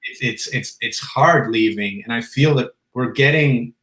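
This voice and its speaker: A man's voice: mid-range voice, unhurried, fairly bright tone. Enthusiastic man in an echoey room. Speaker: co-host, teacher. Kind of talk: live Q&A chat.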